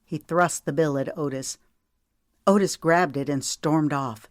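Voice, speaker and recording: A woman narrating an audiobook in a steady, measured reading style. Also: low-pitched, no echo, clean studio sound.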